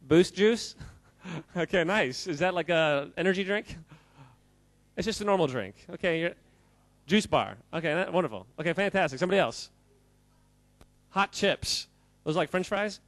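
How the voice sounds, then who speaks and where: A man giving an animated, jokey talk to a live audience, quizzing the crowd and often laughing. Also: high voice, normal speed, long pauses, no echo. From United States. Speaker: speaker addressing a live audience. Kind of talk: lively audience-interactive talk.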